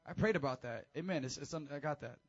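Energetic man preaching to teens. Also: fairly high pitch, quick pace, muffled recording. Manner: energetic, conversational preaching with call-and-response. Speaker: youth pastor. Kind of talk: sermon.

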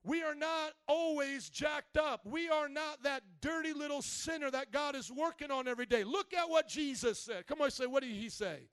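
Man, very high voice, animated sermon, shouting preacher. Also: moderate pace, few pauses. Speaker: pastor. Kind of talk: energetic sermon.

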